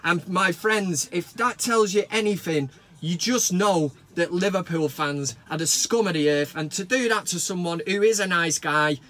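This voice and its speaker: A man giving a blunt, sweary fan rant that builds into a shouted team talk. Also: sits high, normal speed. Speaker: football fan vlogger. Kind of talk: ranting fan vlog.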